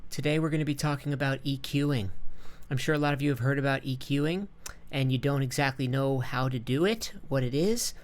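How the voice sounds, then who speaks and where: A man's voice: mid-range voice, a little fast. A man teaching music production in a loose, casual way, with crude slang and many fillers. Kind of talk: casual tutorial.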